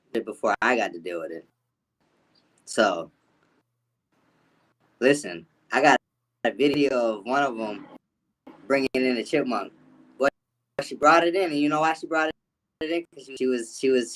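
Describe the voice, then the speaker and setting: A man with a mid-range voice co-hosts a live chat show, talking in a loose, unhurried way. He restarts his sentences often and uses easygoing grammar. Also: medium pitch. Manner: relaxed and halting, with loose casual grammar. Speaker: co-host. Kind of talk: casual chat.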